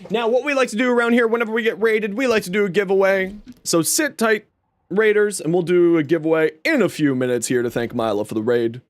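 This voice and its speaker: A man's voice: high-pitched, fairly quick, dry recording. A man streaming a video game live, chatting casually and playfully with his viewers. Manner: playful, joking, chatty with chat.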